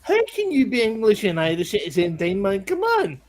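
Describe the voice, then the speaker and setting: A Scottish man with a high, very animated voice, chatting on a live stream. He banters and teases with quick bursts of excitement. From Scotland. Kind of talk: casual live-stream chat.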